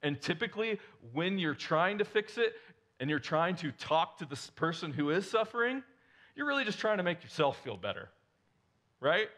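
A man's voice: high voice, big pitch swings, normal speed, fairly bright tone. A male pastor preaching a conversational sermon, asking the congregation rhetorical questions and restarting his sentences as he goes.

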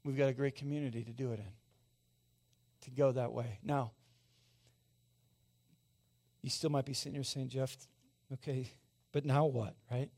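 A man's voice: mid-range voice, fairly even intonation, normal speed, a little mellow. A man in his forties preaching a sermon as pastor, conversational and often asking the congregation questions. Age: 40s. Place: church sanctuary.

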